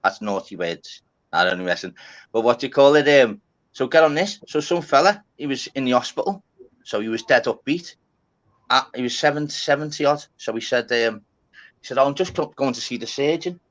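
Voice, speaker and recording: A man's voice: medium pitch, lively intonation, fairly quick, a bit bright, highs cut off. A man hosting a casual live-stream chat, swearing and calling people mate and lad. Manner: chatty, swears, keeps saying mate and lad. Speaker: channel host.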